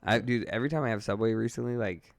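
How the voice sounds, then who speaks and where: A man co-hosting a casual podcast who laughs easily and chimes in with quick reactions. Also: on the low side, creaky, no echo, clean studio sound. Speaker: podcast co-host. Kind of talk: casual chat.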